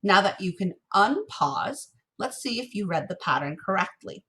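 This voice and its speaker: A woman music teacher giving a recorded lesson, patiently encouraging students and chanting rhythm syllables slowly. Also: mid-range voice, animated, fairly bright tone, breathy edge.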